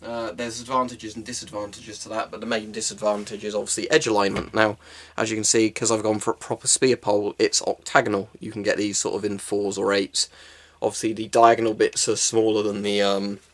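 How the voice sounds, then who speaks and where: A man's voice: on the low side, flat delivery, fairly quick. A man casually showing off and explaining a homemade weapon in a rambling, chatty way, with plenty of ums, indoors at home. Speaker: hobbyist weapon maker. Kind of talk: casual show-and-tell vlog. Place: indoors at home, low-ceilinged room.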